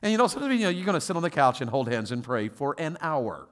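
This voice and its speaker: Guy preaching a sermon, kinda high voice, tells stories and gets loud then soft. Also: fast talker. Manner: animated storytelling with quoted voices, swinging from soft asides to loud exhortation. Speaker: guest pastor.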